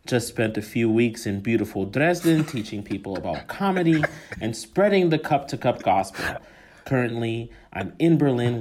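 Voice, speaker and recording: A man's voice: mid-range voice, a little mellow, a little hiss or hum. A man sends in a playful recorded message, laughing as he goes and throwing in cheeky asides. His delivery is loose and teasing, with no sign of a script. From Colombia. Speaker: listener leaving a voice memo. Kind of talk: recorded voice memo, jokey monologue. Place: abroad, recorded on his own.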